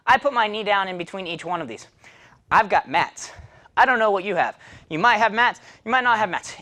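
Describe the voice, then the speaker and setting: Man, taekwondo instructor, follow-along workout class, breathing hard, animated high voice, chatty coaching. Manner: counts kicks aloud in Korean, coaching between sets; chatty, self-deprecating asides.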